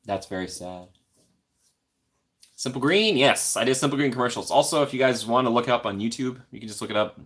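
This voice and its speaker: A man's voice: mid-range voice, lively intonation, a little fast, fairly bright tone. A young man hosting a casual live stream from the corner of his apartment, chatting in a friendly, rambling way and reading out viewer comments.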